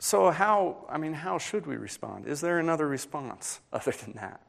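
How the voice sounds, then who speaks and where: A young adult man, a pastor, preaching a sermon and telling a personal story in an earnest, pausing way that builds in intensity. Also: fairly high pitch, big pitch swings, gravelly, fairly bright tone.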